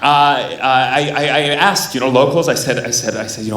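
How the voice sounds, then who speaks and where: An American man performing a stand-up comedy set, wry and quick, often stammering and restarting his lines. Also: medium pitch, fairly bright tone, roomy sound. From United States. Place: live comedy venue.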